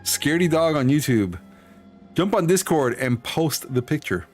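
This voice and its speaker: A man's voice: a little high, sing-song, moderate pace, soft background music. A man with a Hispanic accent giving casual, laughing commentary while streaming a game. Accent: Hispanic-accented English. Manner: laid-back, laughing, rambling.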